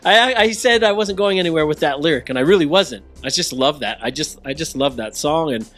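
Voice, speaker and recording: A man's voice: medium pitch, normal speed, fairly bright tone, soft background music. A man co-hosting a casual podcast, rambling, often losing his train of thought and laughing at himself. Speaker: podcast co-host. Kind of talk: casual chat.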